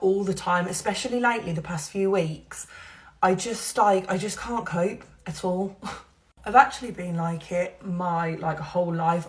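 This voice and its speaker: A young woman chatting candidly while doing her makeup, rambling openly about her feelings and laughing between thoughts. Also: medium pitch. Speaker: social media creator. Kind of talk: confessional get-ready-with-me chat.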